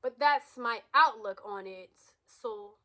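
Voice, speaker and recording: Woman in her 30s vlogging, raw and blunt, keeps restarting, fairly high voice. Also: takes it slowly, bright, forceful tone. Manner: raw, emotional, blunt with swearing and many restarts. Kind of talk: candid personal vlog.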